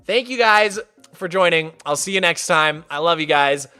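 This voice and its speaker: A young man chatting casually while hosting a game stream, excitable and playful, greeting viewers by name. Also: on the high side, normal speed, smooth, soft background music. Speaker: livestreamer and server host.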